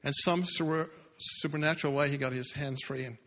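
A man preaching a sermon, telling a story with dramatic swings between loud bursts and hushed low lines. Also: steady tone, normal speed. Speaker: pastor. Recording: long hall reverb.

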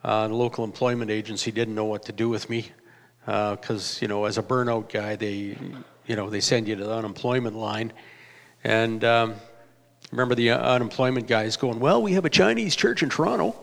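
A man's voice: lowish voice, flat delivery. Male pastor in an echoing hall. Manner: halting, reflective storytelling with restarts. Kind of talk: personal testimony sermon. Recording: reverberant hall.

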